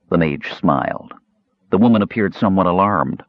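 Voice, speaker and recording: A man's voice: deep voice, expressive, moderate pace, no echo. A man narrating a fantasy audiobook with a dramatic, varied delivery. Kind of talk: scripted narration. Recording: dull, dry recording.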